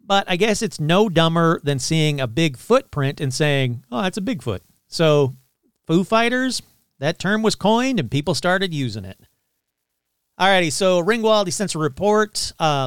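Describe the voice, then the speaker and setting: A male podcast host with a fairly high, very lively voice that jumps around in pitch. His tone is smooth and clear, and the sound is dry and close, with no room echo. He talks in a casual, irreverent way, full of fillers and blunt asides.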